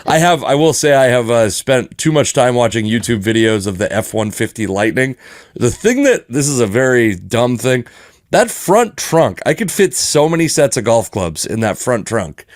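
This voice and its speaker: Guy cohosting a sports podcast, rambly and jokey, mid pitch, dry close mic. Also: big pitch swings, normal speed, no echo. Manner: rambling, joking, frequent restarts and chuckles. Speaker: podcast co-host. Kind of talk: casual sports chat.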